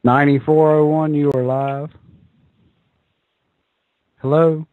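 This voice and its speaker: Host on a tinny phone-like line. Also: male voice, fairly high pitch, little pitch movement, no room sound. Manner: friendly, easygoing, quick affirmations. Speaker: talk show host. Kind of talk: casual call-in show chat.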